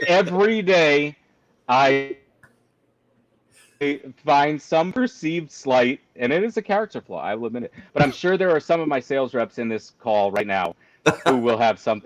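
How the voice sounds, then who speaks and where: A man's voice: mid-range voice, rough recording. A man telling a story in a casual chat, ranting with exasperated exaggeration. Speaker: guest cigar company representative.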